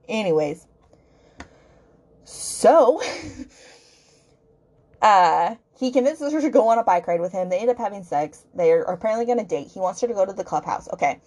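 A woman's voice: mid-range voice, expressive, normal speed, long pauses, darkish tone. A woman hosting a book podcast, ranting casually in an exasperated, rambling way with lots of fillers.

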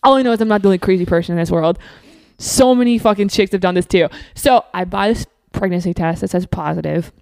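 A young woman telling wild stories as a podcast guest, animated and profane, acting out the other people in her stories. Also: fairly low pitch, gravelly, no room sound. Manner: profane, animated, rapid storytelling with quoted asides. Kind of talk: casual storytelling.

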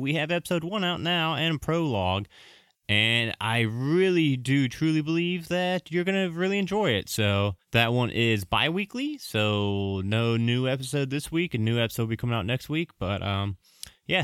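Male podcast host, rambling and apologetic, smooth tone, dry booth sound. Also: mid-range voice, expressive, a bit bright, dry recording. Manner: rambling, apologetic, fast announcements. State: out of breath. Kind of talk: casual podcast outro.

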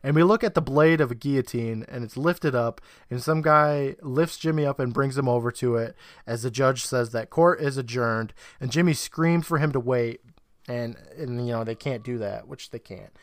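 A man's voice: mid-range voice, normal speed, no echo, studio quality. A young man, a podcast co-host, retelling an episode's plot at length in casual chat, acting out lines and laughing often.

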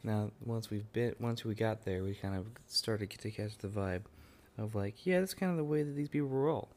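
A man's voice: lowish voice, moderate pace, a little mellow. A man, co-hosting a podcast, talking in a laid-back, slangy way with dry asides. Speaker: podcast co-host. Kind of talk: casual chat.

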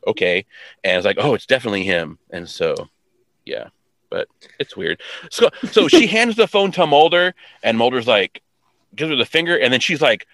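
A man's voice: medium pitch, big pitch swings, moderate pace, a bit bright, no echo. A man co-hosting a podcast, casually recapping a TV episode in a rambling way, full of fillers and quoted lines. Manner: rambling, many "like" fillers, quotes characters in offhand voices. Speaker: podcast co-host.

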